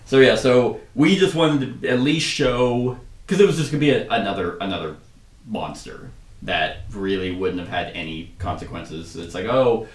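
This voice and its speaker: A man's voice: fairly low pitch, fairly even intonation, normal speed, distant mic. A man reading a board game's story text aloud and chatting between passages in a loose, joking way. He sits back from the microphone, and his voice rings around a roomy space. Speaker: host of a board game playthrough. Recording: roomy sound from away from the mic.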